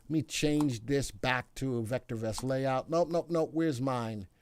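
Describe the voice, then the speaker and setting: A talkative man runs a casual stock market livestream, answering viewers and reading out tickers in a playful, bantering way. His voice sits at an ordinary middle pitch and is recorded close and dry, with no room sound around it. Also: a little slow, darkish tone, clear, resonant tone, dry recording.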